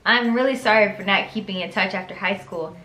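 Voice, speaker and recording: A young woman voicing a troubled middle-aged mother from a story game, speaking quietly. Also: mid-range voice, fairly quick, reverberant, natural voice.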